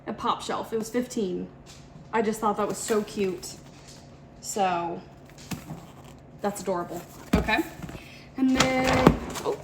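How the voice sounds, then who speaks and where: Chatty woman vlogging over loud road noise. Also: fairly high pitch. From Georgia, US. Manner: chatty, rambling, self-correcting. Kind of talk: casual vlog chat.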